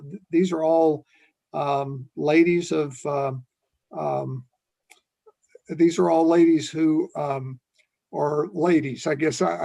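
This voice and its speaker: Older male guest, ex-police chief, fry in the voice, earnest and unhurried. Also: fairly high pitch, a little mellow. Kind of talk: conversational interview storytelling.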